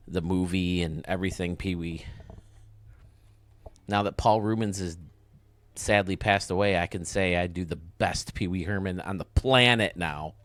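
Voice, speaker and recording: A young man with a lowish voice talks through game footage with casual enthusiasm. He sounds close to the mic in a dry, dead room. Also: no room sound. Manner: enthusiastic and casual, quick praise. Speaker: host. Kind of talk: video game commentary.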